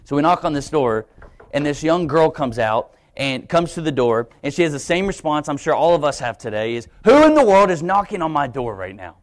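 Animated young man preaching. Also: a little high, a little fast. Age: young adult. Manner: animated storytelling, acting out his own inner voice. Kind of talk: sermon with personal story. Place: church sanctuary, live stream.

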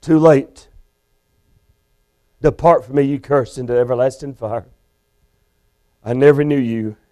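A man's voice: medium pitch, a little slow, mellow, pitched below the performer's own voice, natural voice. A male preacher voicing a stern judge on a throne, speaking in a grave, final way in a sermon.

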